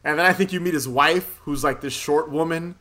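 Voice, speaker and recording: Bright-voiced man recapping a movie. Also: fairly high pitch, brisk. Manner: rambling, laughs often, swears casually. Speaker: podcast co-host. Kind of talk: casual movie recap chat.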